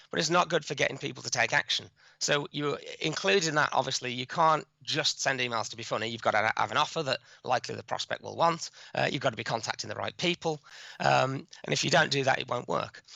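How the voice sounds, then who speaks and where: A man being interviewed as a guest on a podcast, explaining his work in a quick, chatty way with many restarts. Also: mid-range voice, vocal fry, sharp tone, no room sound, low-quality recording. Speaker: guest, cold outreach expert.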